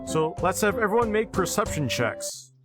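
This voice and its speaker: A man's voice: high voice, very animated, normal speed, music in the background. A man running a tabletop game as game master, describing scenes with brief asides.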